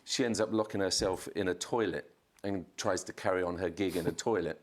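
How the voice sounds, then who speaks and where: A man, a podcast guest, telling a chaotic anecdote in casual chat, swearing and jumping up in pitch to act out quotes. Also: fairly quick. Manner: animated storyteller, swears, acts out quotes in a raised voice.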